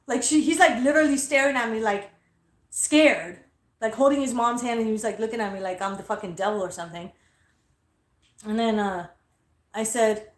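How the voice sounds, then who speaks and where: A woman casually telling a story, animated and profane, quoting herself loudly. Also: fairly high pitch, moderate pace, long pauses, echoey room.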